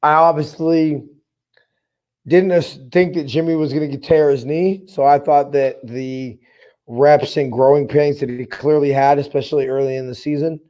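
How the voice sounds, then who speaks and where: Male podcast host, fan energy, hyped and heartfelt, a touch higher voice. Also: normal speed, muffled recording. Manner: excitable, hyped, emotional. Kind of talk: casual fan podcast commentary, reading viewer comments.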